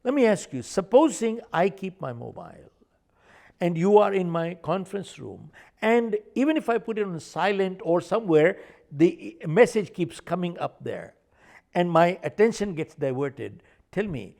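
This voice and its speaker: An older man, an author and speaker, tells stories in an animated interview at normal speed, his gravelly, darkish voice sitting high and swinging widely in pitch. He's emphatic, repeating his points to hammer them home.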